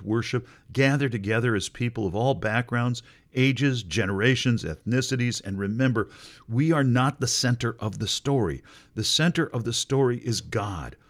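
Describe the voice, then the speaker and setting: A middle-aged male pastor preaching a sermon, expressive and wry, with sudden jumps in pitch for emphasis.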